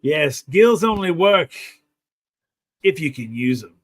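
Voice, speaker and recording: A man voicing a gruff, bullying male ship officer who barks orders and threatens. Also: a little high, very animated, slow pace, pitched above the performer's own voice, heavily acted. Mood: menacing. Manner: barking, menacing.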